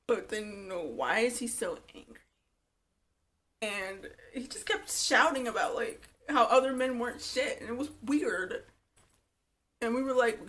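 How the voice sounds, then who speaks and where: A young woman giving blunt, profane, animated commentary on a reality show, acting out quotes as she retells scenes. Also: fairly high pitch, moderate pace. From Virginia Beach, USA. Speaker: reality TV reviewer. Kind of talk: casual commentary.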